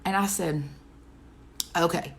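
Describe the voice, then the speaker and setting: A woman's voice: lowish voice, steady tone, slow pace. A woman speaking as a devotional speaker, telling a personal testimony in an earnest, conversational way and closing with a prayer. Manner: earnest, conversational storytelling with wide swings in pace.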